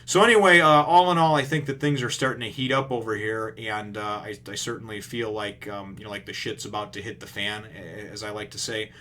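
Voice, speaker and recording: A man's voice: on the low side, brisk, few pauses, slight background noise. Rambling, profane male comic reviewer. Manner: rambling, profane, animated retelling. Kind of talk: casual comic chapter recap.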